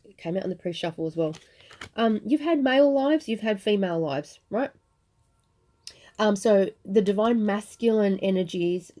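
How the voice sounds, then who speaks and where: Female tarot reader, lowish warm voice, halting earnest delivery, speaks straight to viewers. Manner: searching, repetitive, speaks in halting restarts; earnest, reassuring, addresses viewers directly. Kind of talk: intuitive tarot reading to camera.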